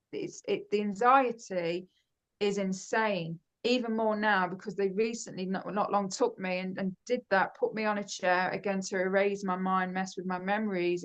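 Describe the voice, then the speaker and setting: Woman, guest, casual talk, fast, many fillers and self-corrections. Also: mid-range voice, lo-fi sound. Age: adult with grown children. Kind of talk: casual conversation about personal experiences.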